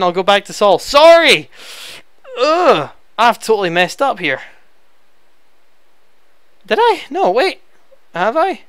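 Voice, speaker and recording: A young man rambles through viewer questions into his headset, chatty and quick to get flustered. His voice sits fairly high and sounds bright, clean and smooth. The sound is close and dry, with no room around it. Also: no room sound. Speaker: YouTube Let's Player. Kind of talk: casual Q&A answering viewer questions. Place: home room.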